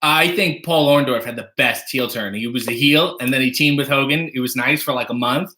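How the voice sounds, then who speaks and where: A man's voice: mid-range voice, brisk, sharp tone. A man hosting a casual livestream from his home kitchen, reading viewer donations and tossing off dry, wry jokes while making coffee. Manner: wry, dry joking asides.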